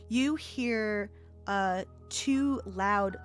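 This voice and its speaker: A woman game master describing scenes in a tabletop role-playing game in a relaxed, descriptive way with many fillers. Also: mid-range voice, drawn-out words, faint music behind.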